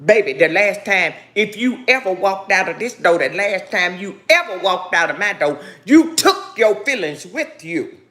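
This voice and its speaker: A woman's voice: mid-range voice, lively intonation, moderate pace, a bit bright. Defiant, grieving woman vlogging. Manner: defiant and preachy, keeps calling listeners "baby"; grieving and angry. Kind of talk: emotional direct-to-camera monologue.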